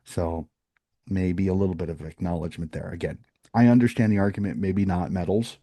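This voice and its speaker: Deep, dark-voiced man on a sports podcast. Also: fairly even intonation, fairly quick, no echo, studio quality. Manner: opinionated, rambling with restarts. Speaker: podcast co-host. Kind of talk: casual sports podcast chat.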